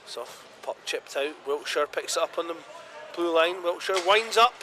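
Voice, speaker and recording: A British man giving live play-by-play commentary on an ice hockey game, with brisk calls that leap into excited shouts at big chances. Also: a little high, a little hiss or hum.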